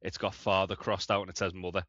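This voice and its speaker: Male co-host, low voice, excitable, swears a lot, lo-fi recording. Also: fast, dry recording. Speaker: podcast co-host. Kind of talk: casual chat.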